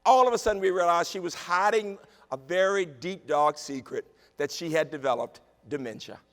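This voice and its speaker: High, bright-voiced man giving an emphatic keynote. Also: moderate pace. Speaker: keynote speaker, university president. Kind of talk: inspirational keynote speech. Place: large conference hall. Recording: long hall reverb over a PA.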